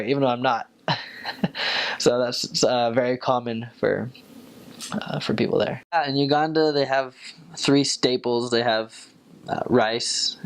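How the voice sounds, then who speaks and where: In easygoing storytelling, a young returned missionary fills his speech with filler words and pitches his voice upward each time he quotes people.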